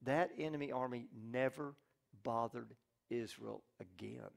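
A male pastor preaching a sermon, telling a Bible story with lively acted-out character lines and frequent restarts. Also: medium pitch, unhurried, gravelly. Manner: restarts and repeats words often.

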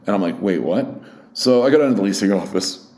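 A man's voice: on the low side, expressive, racing, a little mellow. A young man hosting a casual solo podcast, rambling and self-deprecating with plenty of swearing. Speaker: podcast host. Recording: roomy echo.

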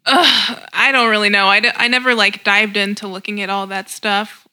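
Bright-voiced young woman, halting chat. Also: medium pitch, little pitch movement, clear, resonant tone, rough recording. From United States. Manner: halting, many fillers. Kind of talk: casual chat.

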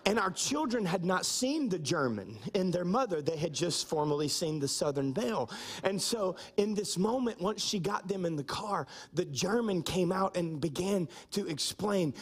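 Middle-aged pastor guy preaching, high voice, punchy, drags out the big lines. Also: animated. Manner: emphatic, slows down for key points. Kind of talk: sermon.

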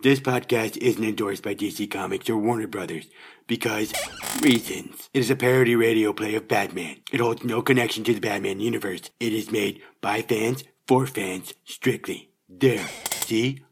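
A man's voice: on the low side, moderate pace, vocal fry, husky. A man hosting a comedy podcast, casually reading a disclaimer and stumbling over his words. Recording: roomy, distant mic, music behind. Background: music.

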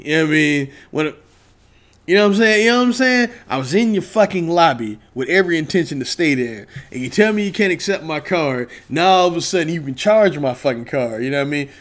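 A man casually recounting a trip in a profane, excitable rant, peppered with "you know what I mean.". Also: fairly high pitch, quick pace.

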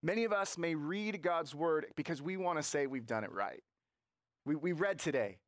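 Guy preaching a sermon, kinda high voice, dry close sound, leans hard on slow phrases. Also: lively intonation, no echo. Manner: emphatic preaching with slow stressed phrases and acted-out quotes. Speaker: pastor.

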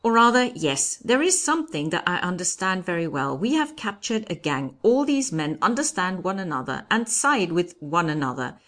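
A woman's voice: fairly low pitch, very animated, normal speed, hardly any pauses, fairly bright tone. A woman doing a blustering, pompous French judge. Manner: blustering, accusing, talks over others.

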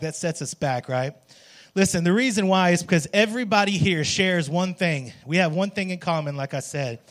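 A man's voice: fairly high pitch, fairly bright tone. A worship pastor, a man, preaching a jokey, conversational sermon and often checking in with "right?". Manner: conversational, keeps asking "right?"; jokey, calls on the congregation.

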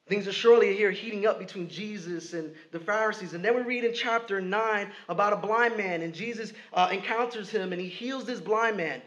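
A man's voice: high voice, brisk, few pauses, fairly bright tone. A man preaching a sermon in a conversational way, often asking "right?" and restarting his sentences. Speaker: pastor.

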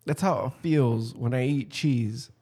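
A man's voice: mid-range voice, measured pace, darkish tone, husky. A man in casual crude banter, swearing freely and laughing between mocking impressions.

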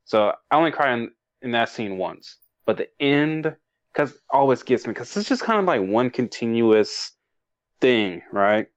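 A podcast co-host chats casually about movies, rambling and emotional, laughing often and restarting his sentences. His voice is fairly low in pitch, expressive, and at a normal speed, captured with no echo on a dull, dry, lo-fi recording.

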